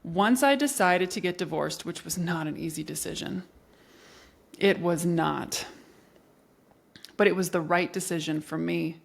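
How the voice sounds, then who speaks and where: A woman's voice: lowish voice, vocal fry. Earnest woman giving heartfelt advice. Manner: earnest, encouraging, speaks directly to the listener. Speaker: podcast host. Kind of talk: personal advice monologue.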